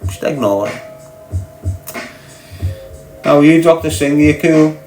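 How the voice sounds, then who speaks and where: A man's voice: fairly high pitch, takes it slowly, darkish tone, soft background music, low-quality recording. A man with a Scouse accent delivering a confrontational, mocking rant as a podcast guest. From Liverpool, England. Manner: confrontational, mocking, blunt and sweary. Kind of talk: ranting monologue.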